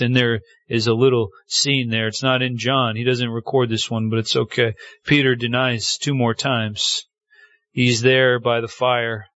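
A man's voice: no echo, highs cut off. A man preaching a sermon, telling the story with feeling and acting out the quoted lines. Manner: animated storytelling, acting out quotes with pitch swings. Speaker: pastor.

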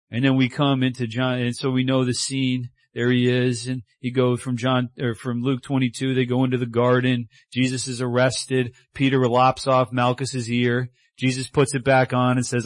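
Animated male preacher, dry close sound. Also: mid-range voice, moderate pace, no room sound. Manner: animated storytelling, acts out voices, drops to a hushed tone for tender lines. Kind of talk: sermon.

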